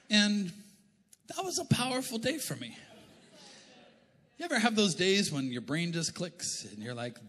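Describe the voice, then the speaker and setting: A man preaching a sermon as pastor, telling funny stories and swinging from loud bursts to quiet asides. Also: high voice, big pitch swings, measured pace, pauses often. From Canada. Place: large church auditorium. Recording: church hall reverb.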